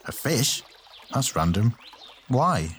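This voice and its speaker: A man's voice: mid-range voice, very animated, slow pace, a bit bright, slight background noise. A man voicing a curious young male warrior asking short questions.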